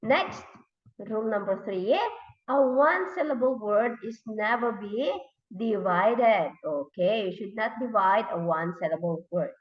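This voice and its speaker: Thai-accented woman teacher drilling pupils, unhurried; lo-fi, echoey classroom recording. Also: medium pitch. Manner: repeats words slowly to drill them. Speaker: English teacher. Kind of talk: classroom lesson for young learners. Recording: dull, roomy, recorded from a distance.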